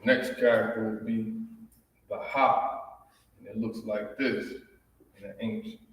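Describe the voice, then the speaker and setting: A man's voice: lowish voice, sing-song, measured pace, slight background noise. A man teaching a language class, explaining each point and checking in with "all right?" again and again. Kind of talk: classroom lesson. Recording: echoey hall, voice from far off.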